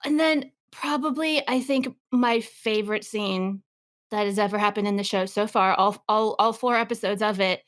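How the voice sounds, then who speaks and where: A woman's voice: medium pitch, normal speed. A woman from Texas in her thirties, co-hosting a podcast in casual, emphatic chat. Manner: animated, emphatic, jumps between points. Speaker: podcast co-host.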